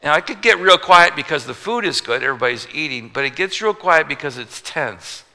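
A pastor delivers a sermon from the pulpit in a very bright, forceful voice, pitched a little high and moving a little fast. Long reverb makes it ring as if in a large church, and he tells the story animatedly with rhetorical questions and joking asides.

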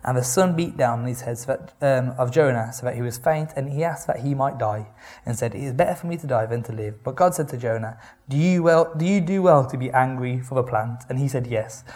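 Man, mid-pitched, preaching casually; reads scripture aloud, then paraphrases with dry humor. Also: brisk. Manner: conversational, animated retelling with wry asides. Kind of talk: sermon with Bible reading.

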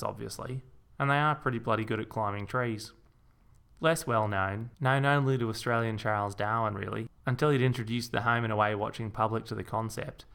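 Brief: male storyteller, dry deadpan delivery, gravelly texture. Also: fairly low pitch. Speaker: narrator. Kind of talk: comic audiobook narration.

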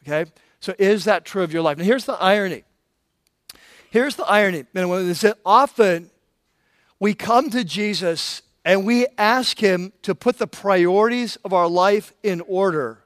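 A man's voice: high voice, fairly bright tone, no room sound, studio quality. A middle-aged male pastor preaching a sermon in an earnest way, repeating phrases and acting out prayers.

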